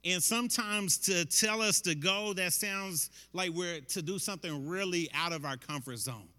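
A man's voice: high-pitched, normal speed, bright, forceful tone, clear, resonant tone, big-room sound. A man preaching a sermon in a conversational, emphatic way, often tossing in "man" as he drives a point home.

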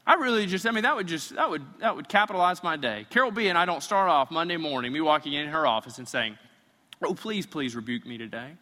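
Man, pastor, conversational sermon, somewhat high voice, long hall reverb. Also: expressive, quick pace, hardly any pauses, bright, forceful tone. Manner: conversational, acts out imagined voices.

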